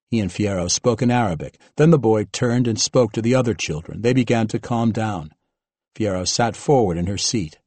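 A man narrating an audiobook in a steady, even manner. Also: fairly low pitch, breathy edge, dry recording. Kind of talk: scripted narration.

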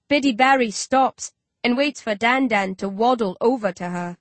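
A woman reads a first-person story aloud, her voice sitting a little high. She changes it slightly for each character. The recording is dry and close, with no room sound. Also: moderate pace, a bit bright, dry recording. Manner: voices each character with small pitch shifts. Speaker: audiobook narrator. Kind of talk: first-person audiobook narration.

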